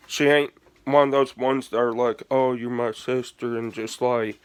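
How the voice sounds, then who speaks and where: A man chats through a long personal story for his vlog in a smooth, clear voice. He takes his time, drifts between thoughts, swears often and keeps saying "like". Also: mid-range voice, steady tone, a little slow. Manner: rambling, profane, heavy use of "like". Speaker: gaming vlogger.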